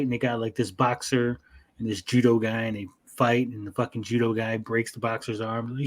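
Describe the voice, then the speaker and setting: Animated man retelling an anime. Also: mid-range voice, normal speed. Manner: animated, profane retelling with mock voices. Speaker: podcast co-host. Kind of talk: casual anime review chat.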